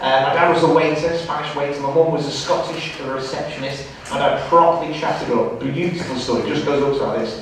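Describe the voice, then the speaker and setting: A man doing a stand-up comedy set in churches, telling lively stories and putting on voices for the people in them. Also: on the high side, brisk, few pauses. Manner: animated storytelling, voices for characters. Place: church venues with live audience. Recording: echoey church from far off with audience noise.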